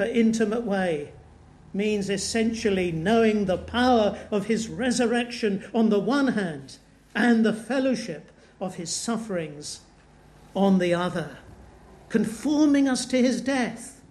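A man with a high voice preaches a sermon as an earnest storyteller. He slows his delivery to weigh key moments. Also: darkish tone.

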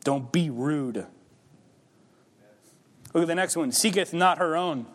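A man's voice: a little high, slow. Man preaching with hall reverb. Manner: conversational preaching, rising to emphatic peaks. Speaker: pastor. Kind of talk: sermon. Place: church sanctuary.

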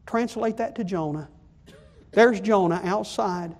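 A man preaching a sermon, moving from quiet pleading to loud, impassioned delivery. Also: sits high, steady tone, moderate pace.

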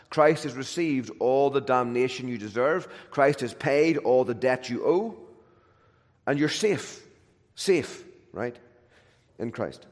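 A man delivers a sermon in a large church hall, his voice trailing off into long reverb. He talks at a mid pitch, driving points home emphatically with repeated words. He drops to a hush for the tender lines. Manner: emphatic, repeats words, shifts between loud and hushed. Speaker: preacher.

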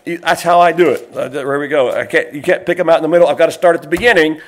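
A man's voice: a little high, fairly even intonation, quick pace. An older man preaching a sermon in a folksy, digressive way, often laughing as he goes. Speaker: pastor.

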